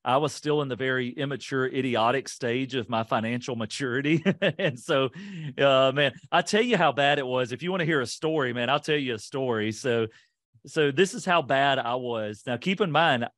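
Lively man telling a story, dry sound. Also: medium pitch, no echo. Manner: animated, self-deprecating storyteller; quick, lively retelling with voiced quotes. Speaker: podcast guest. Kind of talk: casual storytelling interview.

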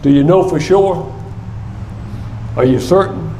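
An older man preaching a sermon in a church, telling a story with animated energy. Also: fairly high pitch, unhurried, a little hiss or hum. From United States. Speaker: guest speaker. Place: church sanctuary. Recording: echoey church sanctuary.

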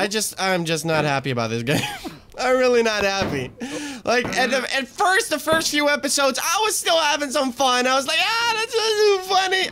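A man hosting a let's play, commenting on his game and getting frustrated, swearing, talking himself down and shouting at the game. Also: extremely high pitch, clear, resonant tone. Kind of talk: gaming commentary.

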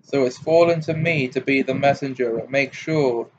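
A man reading the part of a wry, protective grown man in an audiobook, with a dry, brisk, amused delivery. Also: mid-range voice, highs cut off, a little hiss or hum, natural voice.

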